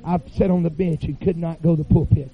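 A man preaching a revival sermon in a church, chanting phrases with "uh" fillers and rising to shouts. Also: fairly high pitch, steady tone, fast, phone-quality sound.

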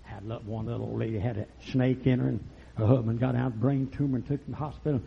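A man preaching a fiery, folksy sermon that swings from low murmurs to loud shouts. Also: fairly even intonation, quick pace, gravelly, a little hiss or hum. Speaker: pastor. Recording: lo-fi recording.

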